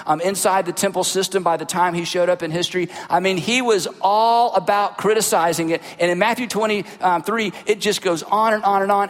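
Man, pastor, sermon, animated preaching, high voice, long reverb from a large hall. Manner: animated preaching with rhetorical questions.

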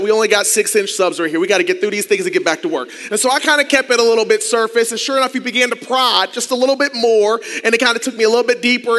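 A man from Ohio telling a personal story in a sermon, acting out quoted dialogue in lively voices. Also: big-room sound. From Akron, Ohio. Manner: animated, acts out quoted dialogue with big pitch swings. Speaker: church groups director.

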